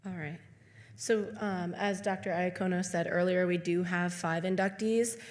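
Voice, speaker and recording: A woman's voice: lowish voice, fairly even intonation, moderate pace. A woman presenting at a ceremony, casually and a bit hesitantly reading out names. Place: large hall with audience. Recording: echoey hall, loud crowd.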